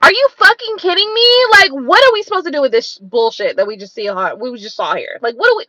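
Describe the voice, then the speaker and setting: A woman's voice: on the high side, big pitch swings, quick pace, lo-fi sound, noisy background. A woman hosting her own channel, ranting in a blunt, profane, exasperated way full of rhetorical questions. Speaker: tarot reader and channel host. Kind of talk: unscripted livestream rant.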